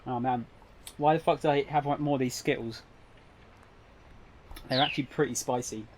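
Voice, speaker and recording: A man's voice: mid-range voice, fairly even intonation, normal speed, darkish tone, a little hiss or hum. A young man streaming a game, chatting casually with viewers in a rambling, hesitant way. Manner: rambling, hesitant, lots of fillers and restarts. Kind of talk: casual live-stream chat.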